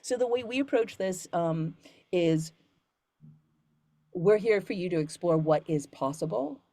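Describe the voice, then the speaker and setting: A woman's voice: fairly low pitch, expressive, measured pace, warm tone, no room sound. A woman voiceover coach talking casually with students, earnest and rambling, with many fillers and restarts. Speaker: voiceover coach and studio founder.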